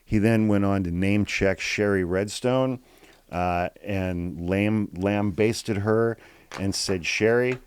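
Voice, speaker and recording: A man hosting a podcast of political commentary, swearing freely and reading quotes aloud in a flat, calm tone. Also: fairly low pitch, slow, clear, resonant tone, no echo. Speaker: podcast host.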